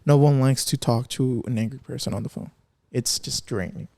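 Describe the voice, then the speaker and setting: A man's voice: medium pitch, normal speed, creaky, warm tone, no echo. A man hosting a casual podcast, telling stories in a rambling, profane way and laughing often. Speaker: podcast host.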